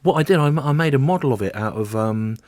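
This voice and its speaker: A man's voice: medium pitch, animated, fast, heavy background noise. A man, a comedian, telling a rambling anecdote in casual chat and acting out what he said. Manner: rambling storyteller, acts out what he said. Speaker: comedian guest.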